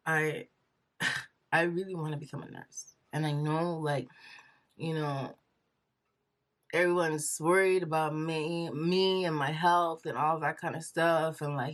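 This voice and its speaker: A young woman vlogger telling a personal story in a chatty, animated way, acting out what she and others said. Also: low-pitched. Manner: chatty, animated retelling with quoted inner dialogue.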